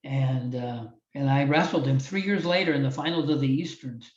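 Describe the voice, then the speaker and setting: A man's voice: mid-range voice, normal speed. Older man telling an earnest story. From Iowa, USA. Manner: earnest, heartfelt storytelling with frequent restarts. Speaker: guest, former wrestling champion and motivational speaker. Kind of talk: storytelling in a podcast interview. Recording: roomy, distant, slightly dull audio.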